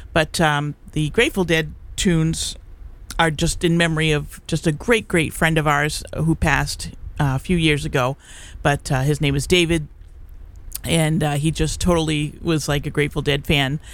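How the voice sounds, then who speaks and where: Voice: mid-range voice, fairly bright tone. A middle-aged college radio DJ chatting casually on air between songs, rambling with plenty of fillers and restarts. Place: radio studio.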